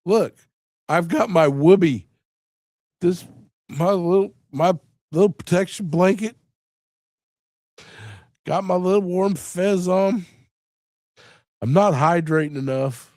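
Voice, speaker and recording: A man chats through his live stream in a slow, drawn-out way, joking and swearing as he goes. He sounds sick and worn out. The sound is close and dry, with no room behind it. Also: high-pitched, a little mellow, no echo. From Louisiana. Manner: rambling, joking, swearing, laughs often. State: sick and tired. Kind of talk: casual live-stream chat. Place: home room.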